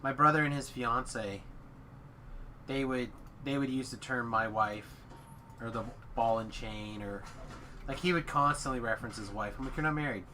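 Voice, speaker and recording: A man's voice: mid-range voice, moderate pace, pushed and bright, soft background music. A man in casual chat, teasing his friend with dry banter.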